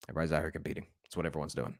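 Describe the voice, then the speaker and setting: A gruff, terse old football coach who mutters short stock phrases in a low, flat monotone, as a sports host puts him on. The voice drops far below the host's own and stays grudging and clipped. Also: male voice, very fast.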